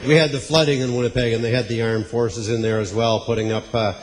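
A man's voice: mid-range voice, fairly even intonation, quick pace. A man doing stand-up comedy, rambling and wry with stammering asides. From Canada. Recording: live hall with audience noise.

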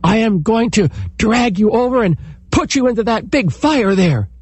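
A lazy village husband yelling in pain and anger, as a man acts him out in a spoken folktale, pitched far above the teller's natural voice. The tone is husky and strained, with wide swings. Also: lively intonation, normal speed, no room sound. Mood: angry. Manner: shouting in alarm.

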